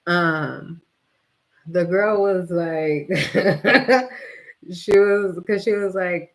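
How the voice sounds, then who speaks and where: A woman vlogger telling a story in casual, slangy talk, animated and often breaking into laughter. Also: lowish voice, takes it slowly, poor audio.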